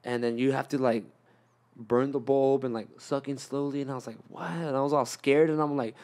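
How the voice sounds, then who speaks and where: Young male podcast host, rambling and profane, mid-pitched, casual storyteller. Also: steady tone, fairly quick, a little mellow. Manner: rambling, profane, acts out friends' lines.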